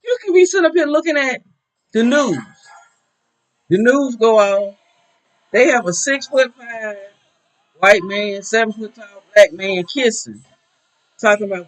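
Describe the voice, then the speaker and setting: A man with a very high, somewhat bright voice speaks expressively at a measured pace, pausing often. He's a minister in a casual talk show discussion, preaching emphatically and repeating his points. The recording is dull and lo-fi.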